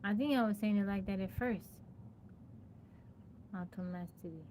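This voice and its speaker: A woman's voice: mid-range voice, normal speed, a little mellow, a little hiss or hum. A woman chatting casually on a live stream, thanking viewers by name and laughing as she sounds out a hard word over and over. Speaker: livestreamer.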